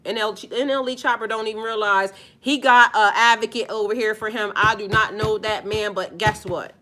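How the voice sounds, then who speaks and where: A woman's voice: mid-range voice, sharp tone. A woman working as a spiritual life coach, ranting in a heated, profane, emphatic vlog monologue.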